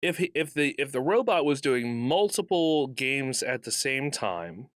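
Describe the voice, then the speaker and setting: A man co-hosting a podcast in casual chat, animated and jokey, laughing often. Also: mid-range voice, unhurried, dry recording, studio quality. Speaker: podcast co-host.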